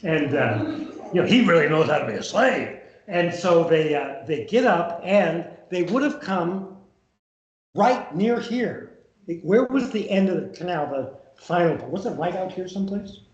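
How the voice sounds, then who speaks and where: A man's voice: high voice, measured pace, muffled recording. A man, a historian, giving a storytelling lecture to a live audience in a museum. He acts out the people in his story as he talks. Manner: lively storyteller who acts out the quoted speakers. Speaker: historian giving a public talk. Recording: roomy echo of a hall.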